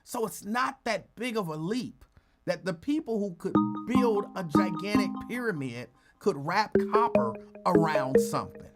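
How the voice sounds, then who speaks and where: A man's voice: measured pace, over loud music. A man hosting a casual podcast, talking in a laid-back conversational way and answering a listener's comment. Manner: laid-back, conversational, lively pitch, playful voices for a dog. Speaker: podcast host.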